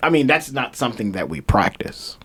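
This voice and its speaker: A podcast co-host chatting playfully, reacting with sudden jumps in pitch. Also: animated, a little fast, fairly bright tone, husky. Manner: playful, jumps between high and low pitch. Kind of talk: casual chat.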